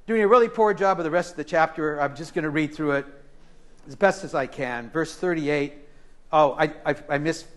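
Middle-aged male pastor, high-ish voice, dramatic sermon delivery with hushed asides. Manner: impassioned, swings from loud to hushed; acts out quoted voices. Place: church service.

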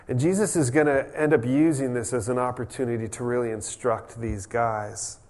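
A man preaching a conversational sermon as a pastor, relaxed and chatty, restarting sentences and adding humorous asides. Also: medium pitch, normal speed, few pauses.

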